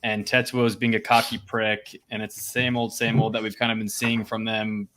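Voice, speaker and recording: Low voiced guy on a podcast, kinda thoughtful, takes his time. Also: level tone, normal speed, bright, forceful tone. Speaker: podcast co-host. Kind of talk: casual chat.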